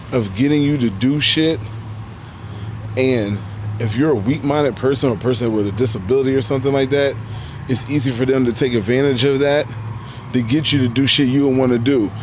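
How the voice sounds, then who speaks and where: A man's voice: mid-range voice, darkish tone, a little hiss or hum. Blunt, heavily cursing man ranting. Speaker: live streamer reacting to a video clip. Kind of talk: unscripted reaction commentary.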